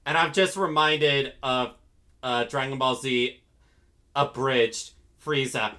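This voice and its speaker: A man chatting casually with friends on a stream. His voice is bright and lively, and he trips over his words as he restarts sentences. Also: medium pitch, takes it slowly. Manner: restless, stumbles over his words, laughs easily. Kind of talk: casual chat.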